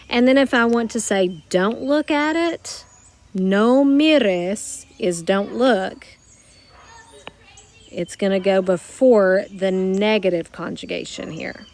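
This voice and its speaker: Patient woman teaching grammar. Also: medium pitch. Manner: patient, explains step by step, slows down to model phrases. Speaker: Spanish teacher. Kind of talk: recorded grammar lesson.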